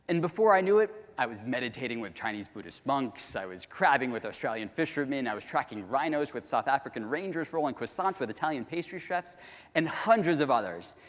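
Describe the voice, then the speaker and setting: A man giving a storytelling keynote talk at a conference, speaking to the audience directly and in an animated way. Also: mid-range voice. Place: large conference hall. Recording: long hall reverb.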